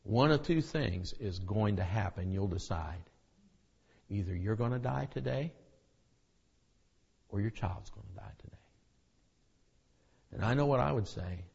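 A middle-aged male preacher giving a sermon, swinging between hushed near-whispers and loud shouted preaching. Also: fairly low pitch, animated, unhurried, gravelly, pauses often, breathy edge. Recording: dull lo-fi recording with long hall reverb.

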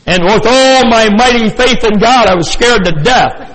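An older male pastor with an unusually high voice preaches in an animated way, acting out the story with chuckles. His voice rings through a church hall with a long echo. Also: a little slow. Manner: animated, acts out scenes, chuckles often. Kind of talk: sermon. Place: church sanctuary.

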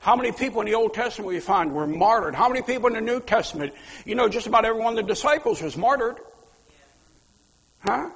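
A man preaching a sermon, fiery and emphatic, with sudden loud outbursts. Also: sits high, animated, fast, vocal fry, breathy edge, in a large hall. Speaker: pastor.

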